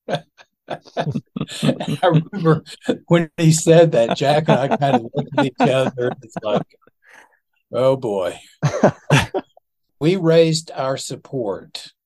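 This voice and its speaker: Slow-talking older man in his 70s. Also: fairly high pitch, expressive, darkish tone. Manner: unhurried, chuckling, self-deprecating. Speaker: ministry founder as guest. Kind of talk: reminiscing storytelling in an interview.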